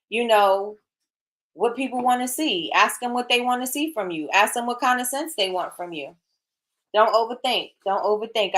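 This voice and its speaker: A middle-aged woman hosts a casual livestream and talks straight to her viewers. She is chatty and encouraging, and she reads their comments aloud as she goes. Her voice sits at an ordinary middle pitch. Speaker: livestream host.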